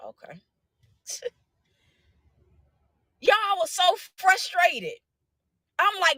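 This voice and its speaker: A young woman talking casually to viewers live, animated and preachy, full of rhetorical questions and slang. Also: very high-pitched, very slow, pauses often, no room sound. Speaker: vlogger sharing a faith message.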